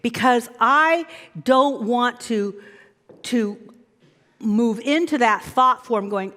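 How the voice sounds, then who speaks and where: A woman minister giving a sermon, animated and coaxing her congregation to repeat lines after her. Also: on the high side, slow pace. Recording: long hall reverb.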